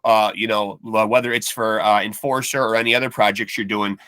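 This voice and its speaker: A man's voice: on the low side, little pitch movement, fairly quick, sharp tone, clear, resonant tone, dry recording. A man hosting a podcast, asking long, rambling interview questions full of fillers. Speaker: podcast host.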